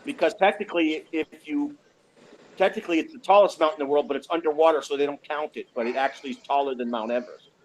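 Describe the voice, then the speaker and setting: A man's voice: a little high, fast, darkish tone, a little hiss or hum, rough recording. A man in a casual online group chat, explaining facts at length with frequent restarts. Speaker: hangout participant.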